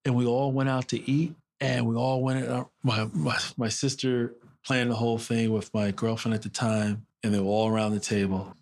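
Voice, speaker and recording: A middle-aged man from the United States speaks as an interview guest, earnest and halting. His voice sits at an average pitch, and he stumbles over repeated words as emotion catches up with him. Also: level tone, creaky, a little mellow. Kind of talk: emotional personal storytelling.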